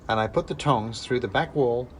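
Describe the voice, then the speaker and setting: A man's voice: medium pitch, moderate pace, slight background noise. A man narrating a fantasy story in the first person with wry, dry humor. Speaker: narrator and author-reader.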